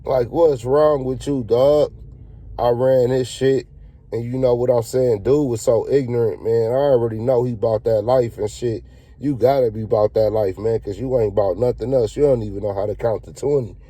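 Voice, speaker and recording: Very dark-voiced man telling a story. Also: mid-range voice, fairly even intonation, moderate pace, no echo. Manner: slangy, profane, laid-back storytelling. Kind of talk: casual storytime monologue.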